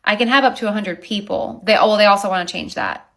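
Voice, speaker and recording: Woman, venue owner, indignant retelling, tense bright voice, lively storytelling. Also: medium pitch, fast talker. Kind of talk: recounting a neighbor dispute to camera.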